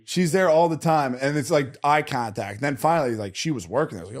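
A man's voice: medium pitch, quick pace. A man co-hosting a podcast, rambling in slangy casual chat with friends. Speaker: podcast co-host.

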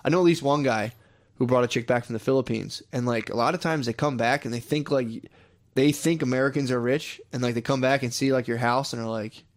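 A man in his twenties chatting loosely about his travels, his voice sitting at an ordinary middle pitch. He talks in slang, swears freely and slips into quick impressions of the people in his stories. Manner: slangy, swears a lot, mimics people he met. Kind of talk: casual crude chat.

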